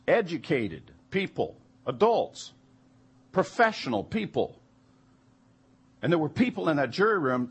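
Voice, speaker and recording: A man's voice: fairly high pitch, slightly rough. A man telling a personal anecdote in an emphatic way that turns heated and incredulous. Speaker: storyteller recounting jury duty.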